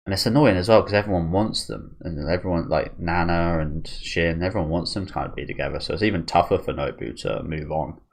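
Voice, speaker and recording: Deep-voiced man reacting casually. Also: a little fast, vocal fry, hardly any pauses. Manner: swears freely, mulls aloud with restarts. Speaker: manga reaction host.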